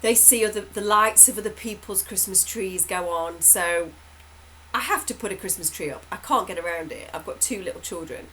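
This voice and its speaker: A woman's voice: mid-range voice, normal speed, pushed and bright, a little hiss or hum, rough recording. Brief: woman in her thirties, host, chatty rambling storyteller who laughs as she talks. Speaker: hypnotherapist host. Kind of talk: casual storytelling update.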